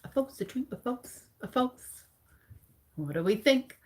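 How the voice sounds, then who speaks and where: A woman's voice: on the high side, expressive, measured pace, slight background noise. A woman in her forties from England hosts a live quiz on her channel, chatting casually with viewers by name and reading out facts. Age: 40s. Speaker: livestream host. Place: dim room at home.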